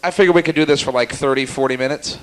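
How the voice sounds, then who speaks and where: A young man doing stand-up comedy at a small cafe, teasing the audience in a rapid, jokey way. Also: mid-range voice. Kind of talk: stand-up comedy with crowd work.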